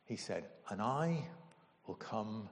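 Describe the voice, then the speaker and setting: A man preaching a sermon as pastor, emotional and animated, with sudden loud bursts. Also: on the low side, slow pace, big-room sound.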